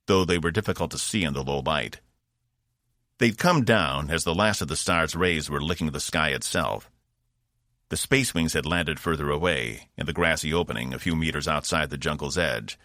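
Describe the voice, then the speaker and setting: A man narrating a science fiction audiobook in a measured, expressive storytelling manner. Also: very deep voice, no room sound, studio quality.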